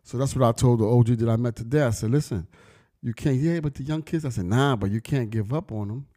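A middle-aged man talks straight to his audience in a loose, slang-heavy monologue. His voice sits at an ordinary middle pitch. He pushes his points hard and slides into preaching as he tells stories. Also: fairly even intonation, quick pace, mellow. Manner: emphatic, slangy, preachy storytelling. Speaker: vlogger and brand owner. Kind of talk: casual street-talk monologue.

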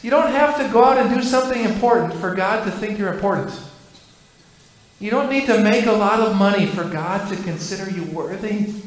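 A man's voice: sits high, slight background noise. A male pastor preaching a sermon in a church, with an earnest, repetitive preaching cadence. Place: church sanctuary. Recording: echoey church hall.

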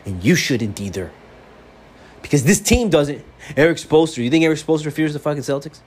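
A man's voice: fairly high pitch, expressive, fairly quick. A man hosting his own sports fan podcast, delivering a profane, fired-up monologue. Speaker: podcast host. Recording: faint background noise.

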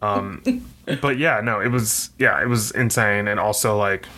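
A man's voice: lowish voice, a little slow, pushed and bright, a little hiss or hum. A man co-hosting a podcast, chatting casually about a film with lots of fillers and jokes. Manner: rambling, many fillers, joking. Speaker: podcast co-host. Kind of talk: casual chat.

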